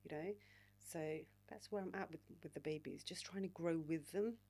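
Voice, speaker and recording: A woman's voice: low-pitched, moderate pace, dark tone. Frank, slangy woman in her forties. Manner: candid, swears freely, uses slang like babe and mate. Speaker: guest. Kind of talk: casual podcast interview.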